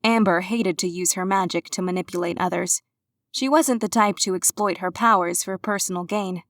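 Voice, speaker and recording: A woman reading a cozy mystery novel aloud in an even, measured storytelling voice. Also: lowish voice, no room sound, studio quality. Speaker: audiobook narrator. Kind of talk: scripted narration.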